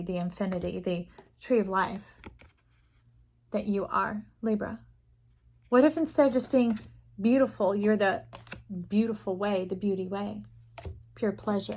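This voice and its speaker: Brief: woman tarot reader, casual and talkative, mid pitch, faint noise behind. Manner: chatty, warm-hearted, digressive storytelling with animated quoted voices; addresses listener directly as y'all and love. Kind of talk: casual spiritual tarot reading.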